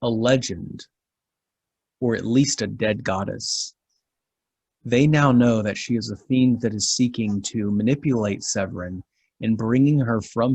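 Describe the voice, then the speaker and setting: A man narrating as game master of a tabletop fantasy game, with dramatic pauses. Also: on the low side, creaky, a little mellow, breathy edge, no room sound.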